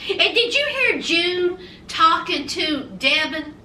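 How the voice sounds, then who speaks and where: A sassy woman with a drawl chats through her review, her very high, bright voice swooping up and down as she takes her time. She calls her viewers honey and y'all. The sound is roomy and slightly off-mic. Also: expressive, slow, recorded from a distance, slight background noise. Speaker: reality TV reviewer. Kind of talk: casual vlog review. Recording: roomy echo, a bit off-mic.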